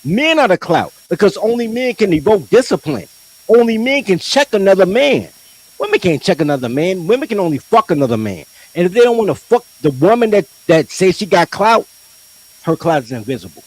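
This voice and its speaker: A man's voice: high voice, sing-song, fairly quick. A man co-hosting a podcast, arguing bluntly and provocatively in a heated casual debate, acting out quoted voices. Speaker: podcast co-host.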